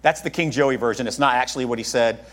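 A man's voice: mid-range voice, steady tone, fast talker, a bit bright. A man pastor preaching a sermon, talking to his congregation in a conversational way with joking asides.

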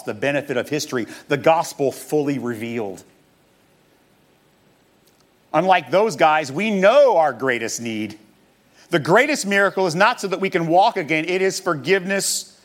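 A man preaching a sermon to a church crowd, emphatic and animated, mixing jokes into his message. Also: mid-range voice. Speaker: pastor. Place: church stage with audience.

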